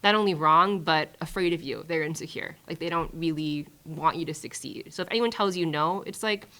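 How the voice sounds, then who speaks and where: Woman, 30s, from Hawaii; guest speaker, low-ish voice, loose chatty delivery with restarts. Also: a little fast. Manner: lively, chatty, lots of fillers and restarts. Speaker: guest playwright and screenwriter. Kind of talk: casual conversational master class talk.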